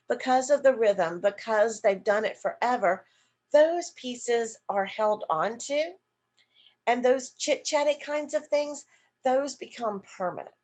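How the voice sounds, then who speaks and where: A woman nurse educator with a slightly high, darkish voice teaches an online seminar over video call. She's demonstrative, acting out example questions to a partner and answering her own questions as she explains.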